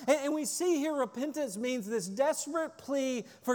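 A man's voice: extremely high pitch, animated, normal speed, few pauses, darkish tone, long reverb tail. A man preaching a sermon, emphatic and repeating key phrases for stress. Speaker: pastor.

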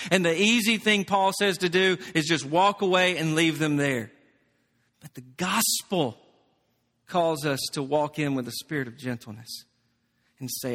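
A man preaching a sermon as pastor, shifting from soft, intimate stretches to loud, emphatic ones. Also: a little high, normal speed. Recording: long reverb of a large hall.

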